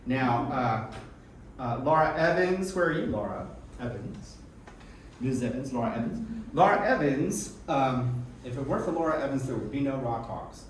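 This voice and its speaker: A man's voice: mid-range voice, lively intonation, normal speed. A man hosting a live event, introducing people from the stage in an effusive, chatty way and laughing often. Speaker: event host. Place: small event hall in a music school. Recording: echoey room from far off, noisy.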